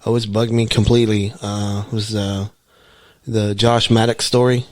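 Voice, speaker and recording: Low-voiced rambling podcast co-host, man. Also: level tone, no echo. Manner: rambling, halting, frequent restarts. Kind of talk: casual chat.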